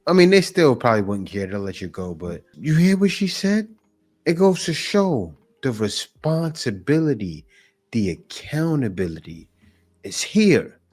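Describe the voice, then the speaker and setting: A man with a mid-range voice and a slightly slow delivery reacts to clips on video. He mocks them with energy, repeating himself as a point takes shape.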